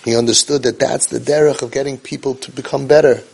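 A man's voice: medium pitch, fairly even intonation, quick pace, creaky, a little mellow, slightly rough. A man giving an inspirational speech, telling a story emphatically and repeating key phrases for effect. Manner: sprinkles Hebrew and Yiddish terms. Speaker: speaker on parenting and faith.

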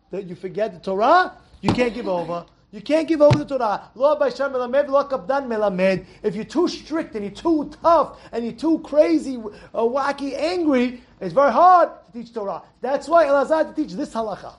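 A man's voice: extremely high pitch, expressive, moderate pace, few pauses, slight background noise. A man giving an informal Torah lesson, full of rhetorical questions and repeated, restarted words. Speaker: Torah teacher.

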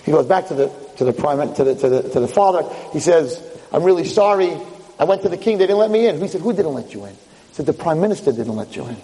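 A man's voice: fairly high pitch, expressive, fast, mellow. A man giving a storytelling sermon, acting out the characters of his tale in shifting voices. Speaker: rabbi giving a lecture. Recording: hall reverb.

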